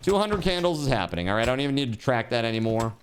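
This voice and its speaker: A man livestreaming and reading out donations in casual chat. He swears, says dude a lot, and bursts into laughter and shouting. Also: medium pitch, very animated, very fast, slight background noise. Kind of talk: live stream donation reading.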